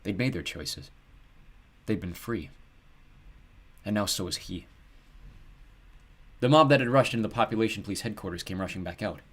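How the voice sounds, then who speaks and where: A male audiobook narrator with a low voice that still moves a lot in pitch. He reads in a steady, measured way and gives the scenes a lively shape. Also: breathy edge.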